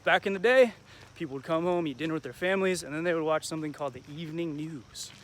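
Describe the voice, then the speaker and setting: A man's voice: on the high side, fast, slight background noise. Upbeat young man vlogging on a walk. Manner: upbeat, encouraging, drops in Spanish phrases. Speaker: vlog host. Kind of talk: casual motivational vlog talk. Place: outdoors in a neighborhood, walking and biking.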